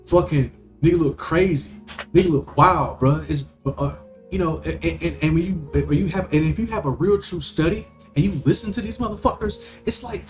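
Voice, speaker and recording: A man's voice: fairly high pitch, moderate pace, faint music behind. A man hosting a podcast, ranting in a profane, rambling monologue full of stammering restarts. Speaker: podcast host.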